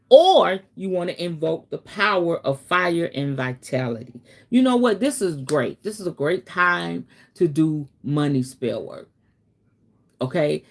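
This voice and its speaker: A woman with a somewhat low voice hosts a relaxed teaching stream. She talks directly to her viewers in an easy, chatty way. Now and then she breaks into dramatic, animated asides. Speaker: host, spiritual teacher. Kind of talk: casual livestream teaching.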